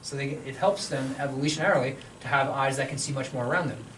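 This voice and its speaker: A man's voice: mid-range voice, quick pace, fairly bright tone. A man giving a casual, joking university lecture in a lecture hall who often checks in with his students. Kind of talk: classroom lecture. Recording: distant mic with faint room hum.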